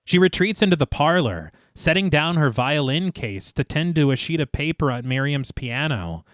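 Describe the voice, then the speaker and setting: Lively man narrating a film recap. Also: fairly high pitch, moderate pace, dry recording, clean studio sound. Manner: narrates plot at length, laughing between passages. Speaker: podcast co-host. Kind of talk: reading a detailed film recap on a podcast.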